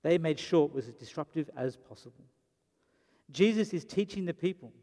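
A man's voice: a little high, expressive, brisk, dark tone. A man preaching a sermon, telling the story dramatically and briefly acting out the lines of the people in it. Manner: dramatic storytelling, acts out quotes. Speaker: pastor. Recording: long reverb of a hall.

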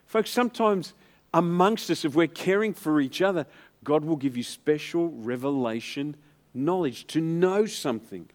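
A man with a slightly raised voice preaches to his congregation. He tells stories in an easy, conversational way and asks the room to say words back to him. His delivery mixes quiet, reflective stretches with bursts of emphasis. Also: a little high, animated, normal speed. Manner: storytelling preacher, calls for congregation responses. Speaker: pastor. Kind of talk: sermon.

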